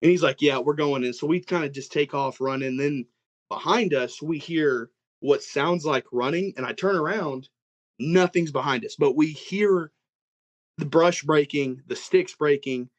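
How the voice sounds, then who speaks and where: A man's voice: a little high, a little slow, highs cut off. Rambling young man telling a spooky story. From Oklahoma. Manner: rambling, animated retelling with many "like"s and quoted dialogue. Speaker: guest telling an encounter story. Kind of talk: casual storytelling on a podcast.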